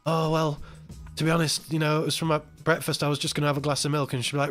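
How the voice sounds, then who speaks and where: A man's voice: fairly high pitch, level tone, fast, faint music behind. Emotional man telling a story. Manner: emotional, rambling storytelling with quoted voices. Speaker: live stream host. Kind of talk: casual chat.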